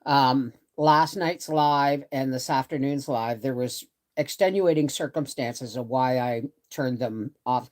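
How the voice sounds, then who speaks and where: A woman's voice: extremely low pitch, unhurried, a little mellow. A middle-aged woman chatting casually on a live stream from her bed, rambling and greeting viewers by name. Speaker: homestead channel host. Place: bedroom, in bed.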